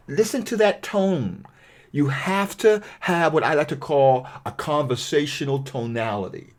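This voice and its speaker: A man's voice: fairly high pitch, a little mellow. Man teaching cold-calling scripts. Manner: conversational, demonstrates phone scripts aloud. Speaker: real estate investing trainer. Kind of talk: training video walkthrough.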